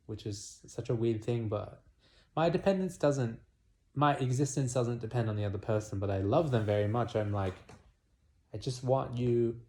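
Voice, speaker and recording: Speaking at medium pitch, a young man pours out a confessional monologue on his vlog, cursing freely. His volume lurches from quiet murmurs to loud outbursts.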